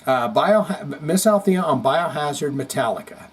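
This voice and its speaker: A man's voice: mid-range voice, animated, measured pace, darkish tone, husky, poor audio. A man hosting a casual podcast, reading viewer comments aloud with chatty, rambling asides. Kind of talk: casual chat.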